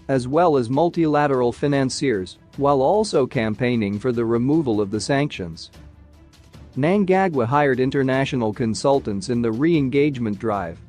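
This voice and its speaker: A man reading a news bulletin in a steady, even, scripted way. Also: medium pitch. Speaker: news reader.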